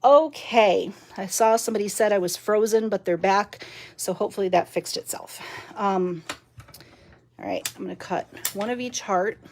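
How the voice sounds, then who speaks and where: A woman's voice: mid-range voice, moderate pace, darkish tone. A woman leading a chatty live-stream craft demo from her home craft room, laughing often and using lots of fillers, recorded by a mounted camera. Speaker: card-making demonstrator.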